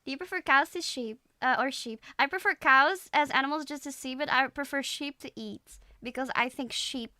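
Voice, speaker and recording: A woman's voice: sits high, moderate pace, few pauses, pushed and bright, no room sound, clean studio sound. A young woman from the Netherlands, a native Dutch speaker, chatting casually on a live stream in a rambling, giggly way full of filler words.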